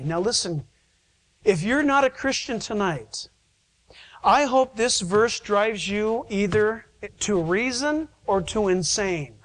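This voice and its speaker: A man's voice: high voice, unhurried, poor audio. A male pastor preaching a sermon in a church, pleading and emphatic, with rhetorical questions to the congregation.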